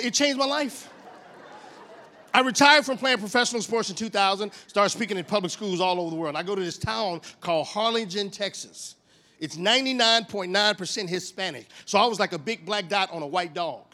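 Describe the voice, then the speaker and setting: Animated high-voiced male church speaker. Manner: animated storytelling with comic voices. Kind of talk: comic sermon.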